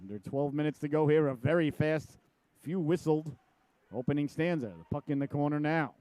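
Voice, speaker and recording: Male hockey play-by-play caller, middle-aged, slightly high voice, dry close sound, jokey tangent-prone delivery. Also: normal speed, warm tone, no echo. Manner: chatty, jokey, wanders into personal tangents; voice jumps up sharply on shots and saves. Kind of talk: live hockey play-by-play commentary.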